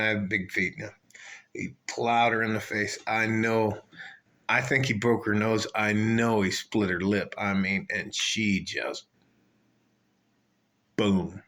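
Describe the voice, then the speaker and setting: A man's voice: fairly low pitch, pushed and bright. An older man telling a rambling, profane story in a casual rant, often trailing off and circling back. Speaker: vlogger.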